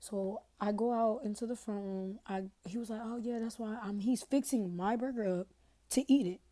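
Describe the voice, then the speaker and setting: A woman's voice: mid-range voice, moderate pace, dark tone. A young woman telling a personal story to her viewers in a rambling, slangy way, recorded on her phone. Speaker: TikTok storyteller. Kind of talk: casual storytime rant.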